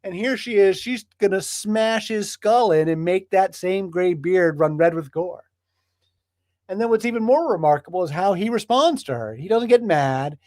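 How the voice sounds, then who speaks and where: A man's voice: sits high, lively intonation, moderate pace, a little mellow, no room sound, clean studio sound. A man leading a bible study group in a casual lecture, speaking with enthusiasm and emphatic repetition. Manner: enthusiastic, emphatic, builds with repeated phrases.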